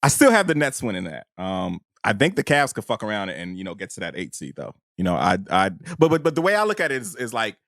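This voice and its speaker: A man with a mid-pitched voice whose pitch swings widely as he talks, moving between quiet asides and loud, laughing rants. His talk is casual and profane, and the recording is dry and close. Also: huge pitch swings, fast, few pauses, no room sound. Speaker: podcast co-host. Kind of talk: casual sports chat.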